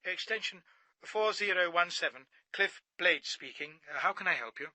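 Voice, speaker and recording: Man doing a meek, fumbling English office man, very bright, high-pitched and dry, for an audiobook. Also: expressive, moderate pace, exaggerated voice, rough recording. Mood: polite. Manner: hesitant, apologetic, fumbling. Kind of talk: audiobook character reading.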